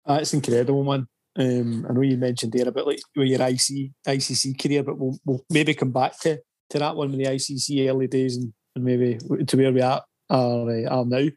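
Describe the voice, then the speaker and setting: Scottish podcast host, dry close sound. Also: male voice, medium pitch, little pitch movement, a little fast, a little mellow, no room sound. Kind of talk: casual interview chat.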